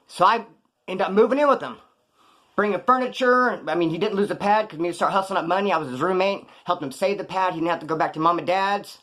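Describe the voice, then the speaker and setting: A middle-aged man rattles off stories from his past at a rapid clip, in a voice that sits a bit high for a man. He talks in loose street slang and drops into other people's voices when he quotes them, keeping it animated. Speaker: storyteller. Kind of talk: casual storytelling.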